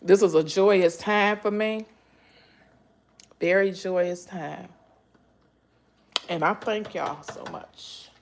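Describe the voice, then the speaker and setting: A woman talks to her viewers live while she cooks in her home kitchen. Her voice sits a little low, and she calls out to them as y'all. Her speech is emotional and full of breathy exclamations. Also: slow, long pauses, a little hiss or hum. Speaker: cooking channel host. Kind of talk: live-stream cooking chat.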